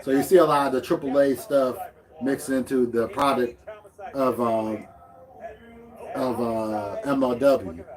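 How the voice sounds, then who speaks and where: A man co-hosting a casual reaction chat, explaining and correcting in halting speech with fillers. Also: medium pitch, a crowd in the background. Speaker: co-host.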